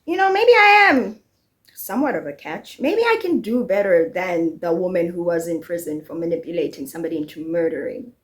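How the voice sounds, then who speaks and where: A woman's voice: on the low side, pitched below the performer's own voice, natural voice. A woman voicing a cocky young man who is starting to feel full of himself, in a mocking impression. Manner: mocking, boastful, halting.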